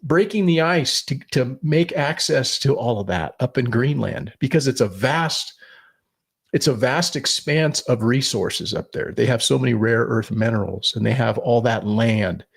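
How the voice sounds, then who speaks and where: Gravelly, husky man. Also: medium pitch, lively intonation, unhurried. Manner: blunt, swears, rambling with restarts. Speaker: podcast co-host. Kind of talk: political opinion talk.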